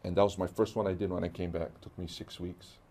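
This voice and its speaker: A man's voice: low-pitched, little pitch movement, quick pace, dark tone. A middle-aged man from Hawaii with a Hawaiian accent, animatedly telling stories in a casual interview and acting out the dialogue. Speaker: guest artist.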